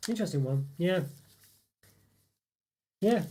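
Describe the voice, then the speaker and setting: A man's voice: sits high, lively intonation, slow pace, mellow, slight background noise. Chatty man hosting a live stream. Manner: rambling, chatty, many fillers and laughs. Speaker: live stream host reviewing chocolate. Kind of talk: casual live chat reading viewer comments.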